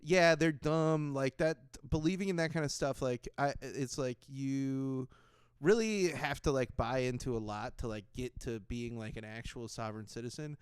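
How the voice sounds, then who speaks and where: A man hosting a podcast in casual chat, telling stories in an animated way, laughing often and acting out other people's lines. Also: medium pitch, moderate pace, smooth, no room sound, studio quality. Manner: animated storytelling, laughs often, acts out voices. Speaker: podcast host.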